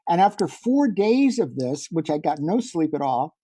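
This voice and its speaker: A middle-aged man, a podcast guest, telling a personal story in a lively way and acting out the dialogue. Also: a little high, normal speed, slightly rough, no echo. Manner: animated, acts out quoted dialogue. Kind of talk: conversational storytelling.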